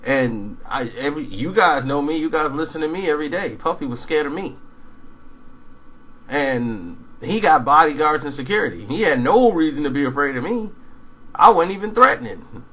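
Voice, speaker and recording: A man telling a rambling, animated story in casual monologue, acting out quoted dialogue. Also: fairly high pitch, normal speed, low-quality recording.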